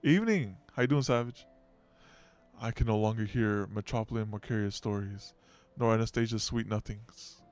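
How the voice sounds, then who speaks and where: A man's voice: fairly low pitch, normal speed, a little mellow, soft background music, natural voice. A man voicing an aging giant beast-tsar in a game story, reading in a grave, solemn way. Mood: brooding.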